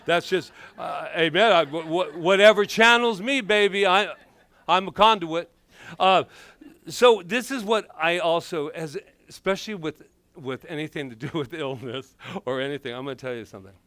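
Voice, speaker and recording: A middle-aged man and minister giving a playful, animated sermon full of personal stories. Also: fairly high pitch, moderate pace, dry recording. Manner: animated, playful, acts out quotes.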